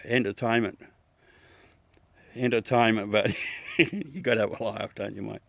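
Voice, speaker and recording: A man's voice: lowish voice, fairly even intonation, measured pace, gravelly, a bit bright, no echo. An Australian man hosting a casual live chat with viewers from his backyard at night, swearing freely and laughing often. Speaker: livestream host.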